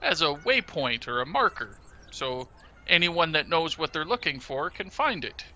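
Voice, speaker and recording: A man at a tabletop game table, speaking for his character in a polite, hesitant way. His voice is very bright and sharp, sitting slightly high. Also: big pitch swings, normal speed. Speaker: player.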